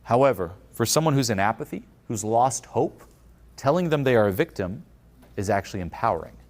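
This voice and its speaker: Male motivational speaker on stage, animated, mid-pitched, lively inflection. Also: brisk. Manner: animated, acts out quoted voices. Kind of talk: motivational conference talk. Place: conference stage.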